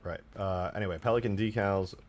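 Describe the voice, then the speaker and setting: Male streamer, low-pitched, laid-back chatty narration over soft background music. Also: a little fast. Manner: relaxed, self-correcting, rambling. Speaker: modding streamer. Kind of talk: casual commentary while modding.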